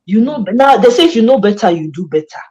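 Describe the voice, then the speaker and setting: A woman's voice: mid-range voice, big pitch swings, fast, a little mellow, poor audio. A Nigerian woman hosting a casual chat, passionate and emphatic, mixing Pidgin and English. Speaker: host.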